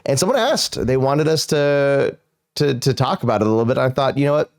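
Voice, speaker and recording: A man hosting a podcast in casual chat, telling stories in an animated way. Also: medium pitch, moderate pace. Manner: animated storyteller. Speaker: podcast host.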